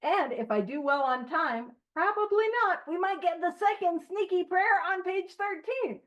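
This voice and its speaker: A woman leading a recovery book study, talking in an animated, joking, self-deprecating way. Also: very high-pitched, normal speed. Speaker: study leader. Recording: dull lo-fi recording.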